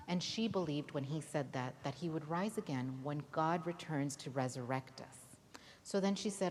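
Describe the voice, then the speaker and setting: A woman telling a Bible story to children at a church holiday Bible school, lively and often asking the kids questions. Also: sits low, moderate pace. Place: church hall. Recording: reverberant hall, faint noise.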